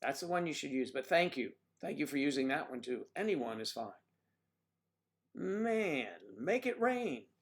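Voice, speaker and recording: A man's voice: medium pitch, brisk, hardly any pauses. A man hosting a casual livestream, rambling and joking as he reacts to viewer comments. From United States. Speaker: livestream host.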